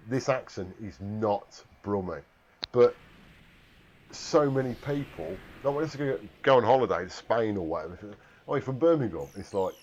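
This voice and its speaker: This is a man with a low-leaning, slightly mellow voice and a Warwickshire accent from that English county. He chats loosely on a live stream, going through viewer comments, rambling, mocking himself, and cursing casually over slight background noise.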